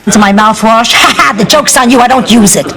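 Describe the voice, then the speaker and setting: An actress playing a feisty, sharp-tongued elderly mother in a sitcom, with a blunt, wisecracking delivery. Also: fairly high pitch, a little fast. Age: older. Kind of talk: sitcom acting. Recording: sitcom audio with loud background noise.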